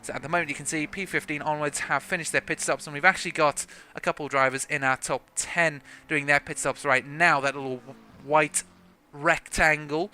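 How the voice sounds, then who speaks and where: A man's voice: on the high side, sharp tone, clean tone. Chatty South African man commentating. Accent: South African with some British English. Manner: rambling, chatty, jokey. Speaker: race commentator. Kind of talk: sim racing livestream commentary.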